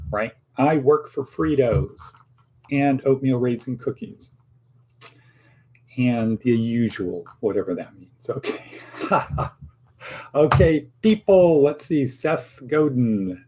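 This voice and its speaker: A man's voice: medium pitch, slow pace, warm tone, a little hiss or hum. A man hosting a casual daily motivational monologue, rambling with playful asides and acted-out quotes. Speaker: host of a daily motivational talk.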